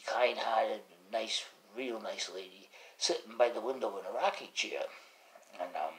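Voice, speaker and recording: A man's voice: lowish voice, fairly bright tone, reverberant, poor audio. A man casually telling a rambling family story, full of asides and restarts.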